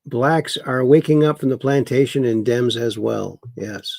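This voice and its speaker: A man's voice: mid-range voice, a little slow, gravelly, a little mellow, dry recording, clean studio sound. A man hosting a livestream, reading viewer chat aloud and mocking the news with chuckles. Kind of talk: casual political commentary livestream. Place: home in Wisconsin.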